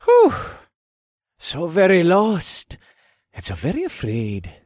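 A sly, purring gnome in a man's shape, as a man puts him on, mocking and slow, with a dry close sound. The deep voice lifts up high in its taunts. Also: huge pitch swings, darkish tone, no room sound, full character voice. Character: sly male gnome posing as a pretty man.

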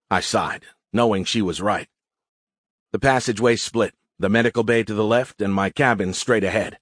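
A man's voice: lowish voice, normal speed, a bit bright, no echo, studio quality. A man reading a first-person audiobook in a wry, self-mocking way. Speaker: audiobook narrator. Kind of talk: scripted first-person narration.

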